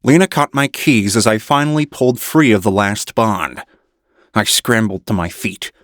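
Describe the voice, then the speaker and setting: A man reading an audiobook in measured first-person narration. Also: lowish voice, a bit bright, no room sound, clean studio sound.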